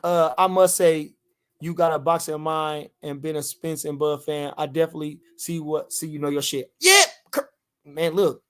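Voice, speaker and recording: A man streaming a heated boxing rant to his live chat, loud and repetitive, swearing freely and breaking into shouts. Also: on the high side, animated, moderate pace, smooth.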